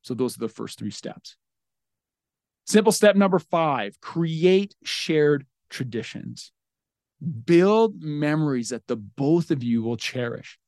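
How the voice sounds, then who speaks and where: A man, a podcast host, giving solo parenting advice in an earnest, coaching way and telling animated stories about his son. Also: fairly high pitch, slow pace, dry recording, clean studio sound. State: getting emotional.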